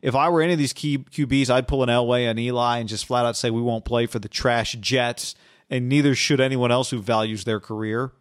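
A man's voice: medium pitch, a little fast, no room sound, studio quality. A man co-hosting a casual sports podcast, reading viewer comments aloud and talking them over. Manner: reads viewer comments aloud in a flat run. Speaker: podcast co-host.

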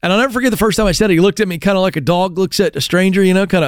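High-voiced male host, animated storytelling. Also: racing, few pauses, no echo, clean studio sound. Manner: animated storyteller with frequent restarts and acted exclamations. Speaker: radio show host. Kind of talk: talk show monologue.

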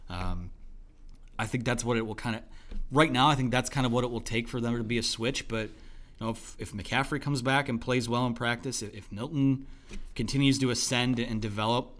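A man talking through a post-game football analysis in a loose, thinking-aloud way with lots of fillers and restarts, his voice going hoarse. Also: medium pitch, moderate pace, fairly bright tone. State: losing his voice. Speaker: sports analyst.

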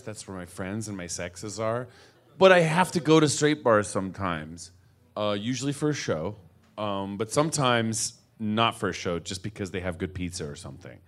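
A man's voice: fairly low pitch, fairly bright tone. A male comedian riffing in a rambling stand-up rant, often restarting his sentences. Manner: rambling, self-interrupting riff with frequent restarts.

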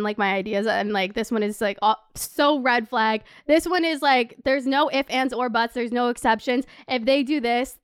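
A young woman with a high, smooth voice chats candidly on her podcast, giving relationship advice in a loose, animated way. She swears freely and scatters "like" through her talk. The sound is close and dry, with no room around it. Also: no room sound. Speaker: podcast host. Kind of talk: casual advice chat.

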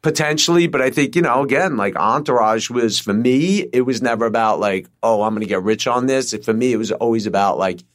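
A man's voice: medium pitch, fairly quick, hardly any pauses. A middle-aged man chatting casually on a podcast, telling stories with lots of swearing and acting out quotes. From New York. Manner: animated storyteller, heavy swearing, acts out quotes. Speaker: guest screenwriter.

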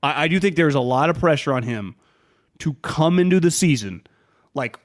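Animated man on a sports podcast. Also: on the high side, normal speed. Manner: animated, quotes players in mock voices, many restarts. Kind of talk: casual sports talk.

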